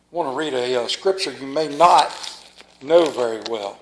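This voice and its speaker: A man's voice: medium pitch, normal speed, rough recording. A man preaching a sermon as a pastor, telling a folksy joke before reading scripture, with a Mid-Atlantic American accent. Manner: folksy storyteller, lively delivery of jokes. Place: church.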